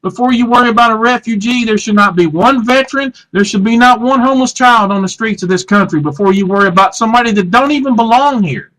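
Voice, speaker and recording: Higher-pitched man making his case. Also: fast talker, few pauses, fairly bright tone, poor audio. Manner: earnest and insistent, lists points with "you know". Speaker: radio talk show co-host. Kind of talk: live political talk radio.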